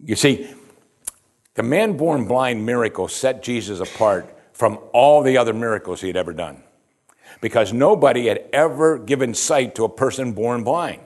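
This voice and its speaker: An expressive man with a mid-range, darkish voice preaches at a moderate pace, teaching the Bible verse by verse. He reads the scripture and explains it, leaning on rhetorical questions and repeating "you see."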